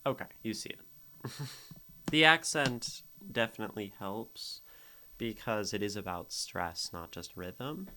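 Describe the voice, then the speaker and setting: Slow and on the low side, this man's voice is pushed and bright with lively intonation, and there's slight background noise. As a streamer reading and critiquing poetry, he chats casually, hums out the poem's rhythms by vocalizing beats, and often laughs.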